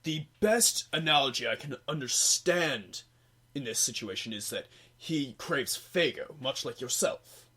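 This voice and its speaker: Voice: medium pitch, animated, unhurried, sharp tone, breathy edge, heavily acted. A cosplayer playing a rigid, formal male troll, adding stiff, wordy remarks to a film recap. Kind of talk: in-character comedy recap.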